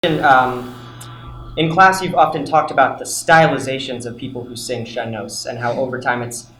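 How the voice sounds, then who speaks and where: A man's voice: medium pitch, fairly even intonation, moderate pace, fairly bright tone. A young man hosting a student talk show, earnestly asking prepared interview questions. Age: young adult. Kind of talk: casual interview. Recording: echoey room with hiss.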